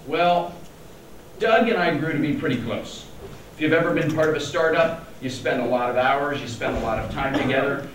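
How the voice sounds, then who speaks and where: In a big, echoey conference hall, a Denver man in his forties delivers a wry, joking keynote story at his own expense. His voice is on the high side and a bit bright, at a moderate pace, with a distant mic and faint background noise.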